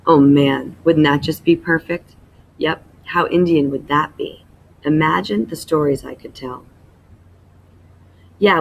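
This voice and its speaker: A woman teacher reading a novel aloud to her class in a plain, even manner, stopping to explain a writing task. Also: low-pitched, gravelly, a little hiss or hum, rough recording.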